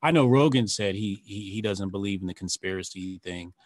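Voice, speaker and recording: A man's voice: low-pitched, brisk, no echo, studio quality. A man hosting a casual interview, mostly giving short agreeing replies and asking brief questions. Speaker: podcast host.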